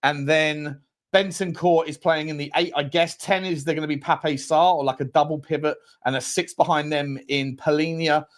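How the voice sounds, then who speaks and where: A man's voice: on the high side, fairly even intonation, normal speed. Upbeat man hosting a watchalong. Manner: upbeat, matey banter with the chat. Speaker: host of a football fan channel. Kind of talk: live match watchalong chat, reading out viewer comments.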